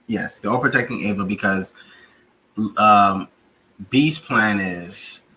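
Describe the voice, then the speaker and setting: A man co-hosting a casual review chat, retelling scenes in a lively way and jumping into high-pitched bursts when he acts out characters. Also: slow, long pauses, low-quality recording. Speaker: podcast co-host reviewing a TV series.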